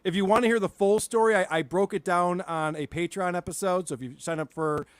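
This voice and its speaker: A man's voice: high voice, fairly quick, clean tone, no room sound. A man, a podcast co-host on as a guest, chatting casually and laughing easily while he tells stories. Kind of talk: casual chat.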